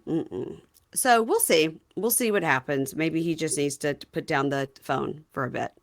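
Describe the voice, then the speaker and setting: A woman hosting a podcast, casually recapping a reality TV episode and retelling scenes in an animated way. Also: low-pitched, measured pace, vocal fry. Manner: chatty, animated retelling with quoted lines. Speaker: podcast host.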